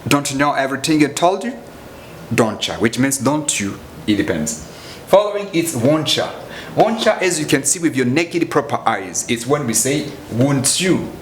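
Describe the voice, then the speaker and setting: Lively-voiced man teaching slang. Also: a little hiss or hum. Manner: explains slowly, repeats example phrases, pitch rises and falls widely. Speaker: English teacher. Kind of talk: informal teaching. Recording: echoey room with faint ambience.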